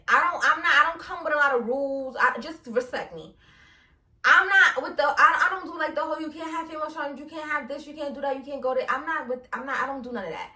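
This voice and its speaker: Blunt young woman ranting, high bright voice. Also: roomy sound, far from the mic. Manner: blunt, animated, laughing, profane. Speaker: podcast host. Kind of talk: casual solo podcast rant.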